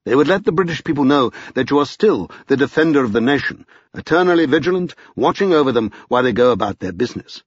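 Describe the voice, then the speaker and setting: A man voicing a haughty, severe gentleman who talks with lofty scorn. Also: medium pitch, expressive, quick pace, few pauses, dry recording, pitched above the performer's own voice, natural voice. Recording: slightly dull lo-fi.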